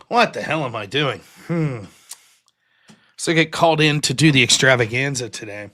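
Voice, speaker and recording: A man's voice: mid-range voice, moderate pace, pushed and bright. A man hosting his own live stream, chatting casually in a rambling, self-deprecating way. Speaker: show host.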